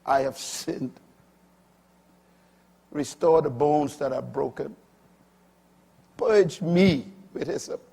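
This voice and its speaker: Older male pastor, husky and higher-pitched, dramatic pulpit delivery. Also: slow, long pauses. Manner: emphatic preaching with dramatic pitch swings between soft and loud. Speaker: preacher. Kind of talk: sermon.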